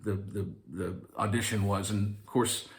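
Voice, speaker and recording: A man's voice: fairly low pitch, steady tone, unhurried. A man from Arkansas, an actor, telling a wry, self-deprecating story about an audition. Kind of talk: anecdotal storytelling.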